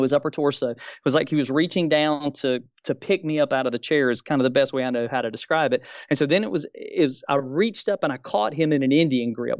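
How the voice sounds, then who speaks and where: A man's voice: medium pitch, dry recording, dull audio. A man in his fifties telling a personal religious experience as a debate guest, earnest and groping for words. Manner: earnest, searching for words, repeats key phrases.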